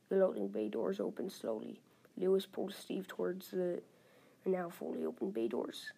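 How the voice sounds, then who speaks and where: A woman reading a war adventure story aloud, halting and correcting herself as she goes. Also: mid-range voice, creaky, dark tone, breathy edge. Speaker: story reader.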